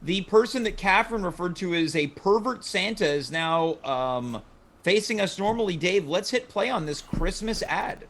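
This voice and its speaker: A male host with a fairly high voice keeps the banter going on a casual show. He cracks jokes and reads out chat messages from viewers. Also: expressive, moderate pace, a bit bright.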